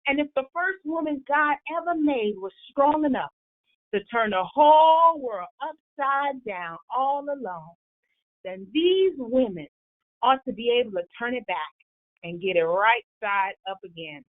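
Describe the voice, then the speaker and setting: A woman's voice: fairly high pitch, animated, unhurried. A woman performing a proud old formerly enslaved woman orator in a Southern dialect, with a rhythmic, preacherly cadence. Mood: rousing. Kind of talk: dramatic recitation of a historic speech. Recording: tinny phone-like line.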